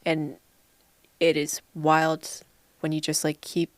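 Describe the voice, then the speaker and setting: A woman's voice: low-pitched, completely flat delivery, takes it slowly, dry recording. A woman co-hosting a podcast in a casual movie review chat, laughing often as she pokes fun at a film. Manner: laughs often, mocking and playful. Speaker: podcast co-host.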